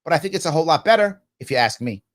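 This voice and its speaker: This man speaks at a racing clip in a fairly high register while hosting a live political talk show. He reads viewers' comments out loud and responds with emphasis, frequently asking himself questions and then answering them. His delivery is animated and peppered with jokey asides.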